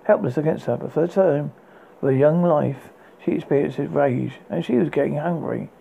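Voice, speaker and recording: A man's voice: fairly high pitch, moderate pace, vocal fry, breathy edge, phone-quality sound. A man reading a fairy tale aloud, unpolished, often stumbling and restarting words. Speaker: narrator. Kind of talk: storybook reading.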